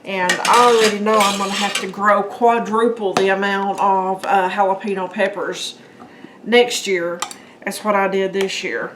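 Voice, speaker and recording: A home cooking host with a mid-range voice talks casually to her viewers, calling them guys and folks, at a slightly slow pace and with fairly even intonation. The echoey kitchen recording is very noisy, full of clinking dishes and utensils.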